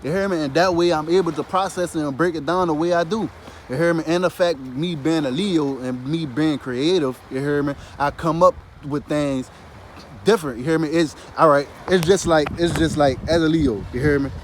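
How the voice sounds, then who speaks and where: Talking loosely about spirituality in a casual monologue, this man has a voice on the high side and speaks at normal speed. He curses freely and tacks "you hear me" onto almost every phrase, with slight background noise present.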